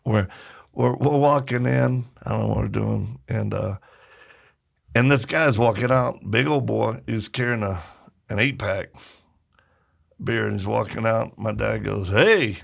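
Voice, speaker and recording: Gravelly man telling animated stories. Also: on the low side, measured pace, pauses often. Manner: animated storyteller acting out quotes. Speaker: podcast guest. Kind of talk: casual storytelling interview.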